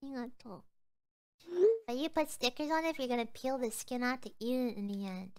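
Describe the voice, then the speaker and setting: A woman's voice: fairly high pitch, a little fast, smooth. A sleepy young woman streamer rambling drowsily as she chats to her viewers, often trailing off. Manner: chatting to viewers. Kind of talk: casual livestream chat.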